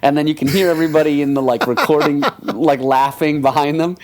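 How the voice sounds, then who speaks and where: A man's voice: on the high side, fairly even intonation, a little fast. A man co-hosting a podcast in casual chat, often laughing and acting out voices while retelling stories. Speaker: podcast co-host.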